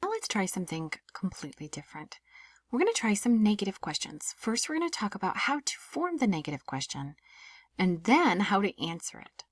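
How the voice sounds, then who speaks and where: Lively woman teacher, close dry voice. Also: medium pitch, brisk, no echo. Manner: lively, often drops to a breathy near-whisper. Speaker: French teacher. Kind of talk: casual recorded language lesson.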